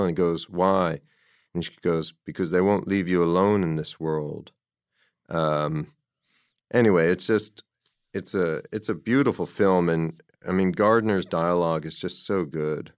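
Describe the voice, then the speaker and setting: A man's voice: sits low, unhurried, clear, resonant tone, dry recording, studio quality. A man in casual conversation, rambling with enthusiasm about a film and quoting its dialogue along the way.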